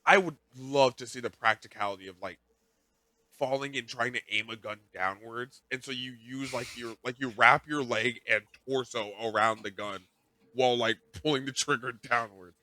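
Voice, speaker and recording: Bright-voiced man recapping anime, rambling. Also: medium pitch, moderate pace. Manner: rambling, animated, quotes characters in raised voice. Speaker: podcast co-host. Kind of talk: casual recap chat.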